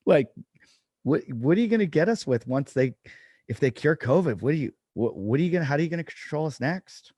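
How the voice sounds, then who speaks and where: A man's voice: on the high side, expressive, a little fast, warm tone, husky, dry recording, clean studio sound. A man co-hosting a podcast, telling a funny story in casual chat and acting out the quotes. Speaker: podcast co-host, comedian.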